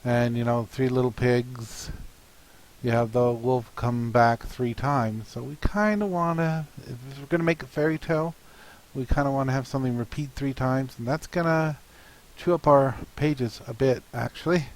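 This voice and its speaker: A man's voice: mid-range voice, low-quality recording. A man, a comic artist, thinking aloud in a hesitant, musing way while planning a comic. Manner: hesitant and musing, with many pauses and fillers.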